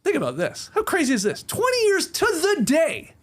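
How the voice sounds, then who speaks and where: Animated Canadian podcast host, high voice. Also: male voice, normal speed. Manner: upbeat, animated, jokey. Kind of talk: casual sports podcast chat.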